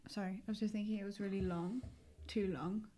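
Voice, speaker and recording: A woman podcast co-host speaks softly and sounds unsure in a casual chat. Her voice is mid-range with fairly even intonation, and she talks briskly.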